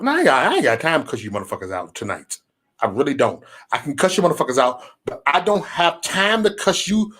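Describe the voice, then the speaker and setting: Animated swearing man ranting on a stream. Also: mid-range voice. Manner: animated, swearing, acts out quotes. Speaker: live stream host. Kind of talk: profane political rant on a live stream.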